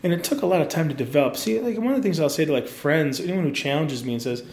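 A man's voice: a little high, expressive, fast, darkish tone, echoey room. A man, a designer, in a loose, rambling podcast chat, swearing freely. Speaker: graphic designer guest. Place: campus room with posters.

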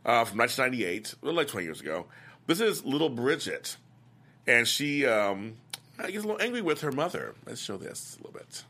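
Older male host, bright, forceful voice, chatty recap, acts out lines. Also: mid-range voice, brisk, breathy edge. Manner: chatty, animated, laughs often, acts out lines. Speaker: host of a soap opera after-show. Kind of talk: casual recap chat reading viewer comments.

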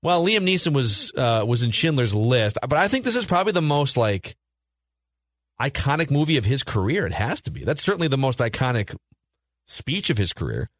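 A man's voice: medium pitch, very animated, fairly quick, dry recording, studio quality. A man co-hosting a casual film podcast, leading the talk and quizzing the others. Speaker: podcast co-host.

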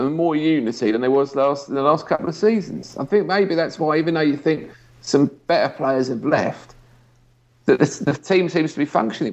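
A man co-hosting a casual football podcast, blunt and sweary as he reads out emails and argues his points. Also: fairly high pitch. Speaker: podcast co-host. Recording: slightly dull lo-fi sound.

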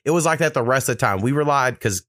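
A man's voice: medium pitch, lively intonation, quick pace, fairly bright tone, no room sound, clean studio sound. A man hosting a podcast, telling blunt, swear-laden stories in casual chat. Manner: blunt, swears freely, storytelling. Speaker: podcast host.

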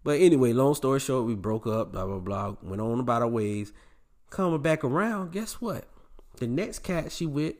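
A male podcast host talks in a casual, blunt monologue at a middle pitch. He lectures his male listeners directly and doesn't soften anything, and he swears as he gets more raw. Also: lively intonation, normal speed.

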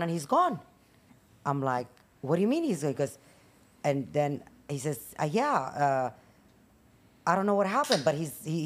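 A middle-aged woman, the host's mother, animatedly retelling a family story and acting out each person she quotes. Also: low-pitched. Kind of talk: casual storytelling chat.

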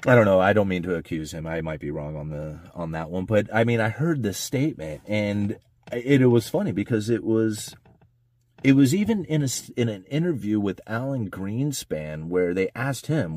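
A man's voice: lowish voice, lively intonation, moderate pace, a little mellow, dry recording, studio quality. A man giving a rambling, conversational commentary on the economy, often tagging his points with "right?" and "you know". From United States. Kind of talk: casual monologue.

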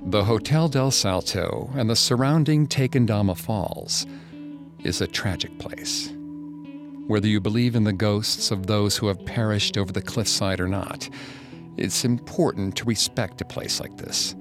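A man narrating a second-person horror story in a slow, hushed way. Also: on the low side, over music.

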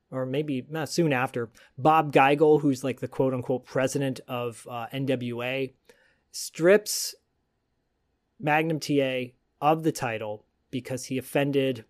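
A man co-hosts a casual podcast, recounting a story with rambling enthusiasm. His voice sits at an ordinary middle pitch. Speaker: podcast co-host. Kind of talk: casual chat.

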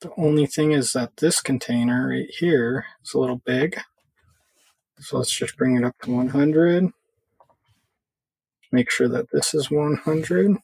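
A man giving a casual screen-recorded software tutorial, thinking aloud with fillers as he clicks through. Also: medium pitch, a little slow, creaky, long pauses, slightly rough, no echo.

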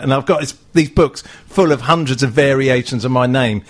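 A man's voice: medium pitch, brisk. A man co-hosting a football podcast, laughing easily and telling rambling anecdotes. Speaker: podcast co-host. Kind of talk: casual chat.

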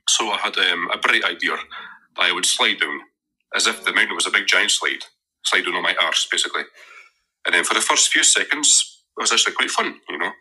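A man's voice: sits low, bright, forceful tone, husky, poor audio. A man telling a story in a recorded voice message, matter-of-fact with small fillers. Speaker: listener sending a voice message.

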